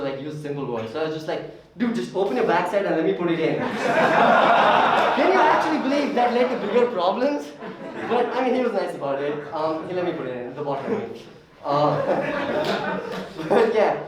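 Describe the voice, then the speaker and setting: A young man from India with an Indian accent, performing a chatty, self-deprecating stand-up set full of "like"s. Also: a little high. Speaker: stand-up comedian. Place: campus comedy club open mic. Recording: echoey room, far from the mic.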